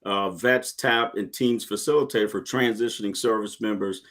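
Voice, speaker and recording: A middle-aged man, a retired Marine, talking in a casual interview with earnest, animated storytelling and frequent restarts. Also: fairly low pitch, moderate pace. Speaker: guest, retired Marine and podcast host.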